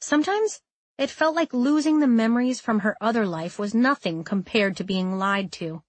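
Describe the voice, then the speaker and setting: A woman reading a novel aloud as narrator, in a steady, measured way. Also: a little high, dry recording. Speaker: audiobook narrator. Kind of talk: scripted narration.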